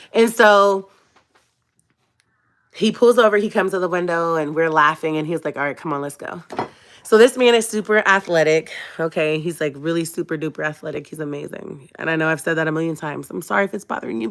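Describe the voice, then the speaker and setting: A woman talking straight to her viewers, spinning a personal story. She is animated and slangy, full of asides, laughing often and dropping from hushed tones to loud bursts. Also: fairly low pitch. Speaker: vlogger.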